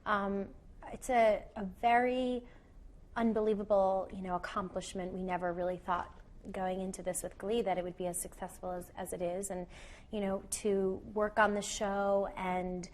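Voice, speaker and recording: A woman's voice: mid-range voice, flat delivery, normal speed. Young woman chatting on a tv interview, says you know a lot, bit of hiss behind. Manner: warm, chatty, many "you know" fillers. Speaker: actress and singer, interview guest.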